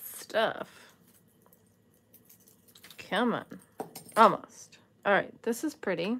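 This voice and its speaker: A woman's voice: medium pitch, lively intonation, drawn-out words, fairly bright tone, a little hiss or hum. A woman vlogger casually chatting through a jewelry haul, musing aloud and talking to the items. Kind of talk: casual unboxing chat.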